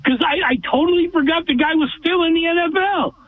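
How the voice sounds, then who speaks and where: This man, a regular on a call-in sports radio show, hails from Southern California and doesn't hold back his forceful, blunt views. He talks a little fast in a very high voice. The recording is dry, carried over a tinny phone connection.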